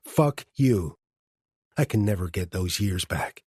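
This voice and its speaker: A man voicing a grieving man confronting his former partner, tearful, rasping and broken. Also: low-pitched, animated, slow, darkish tone, no room sound, clean studio sound, heavily acted. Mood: tearful anger.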